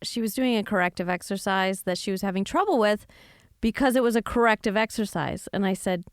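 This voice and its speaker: A woman's voice: mid-range voice, a little fast, clean tone, dry recording, clean studio sound. A woman who works as a personal trainer, co-hosting a casual podcast and telling frank stories with laughter.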